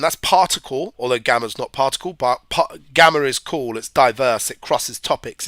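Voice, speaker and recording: A man's voice: mid-range voice, a bit bright, dry recording, studio quality. A man with hay fever, giving a chatty, rambling live-stream physics revision lesson and talking to his viewers. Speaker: physics tutor.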